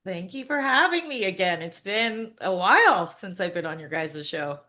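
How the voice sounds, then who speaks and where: Bright upbeat woman guest from Canada. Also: mid-range voice, big pitch swings, moderate pace. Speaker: guest, Akashic Records practitioner. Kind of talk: casual video-call chat.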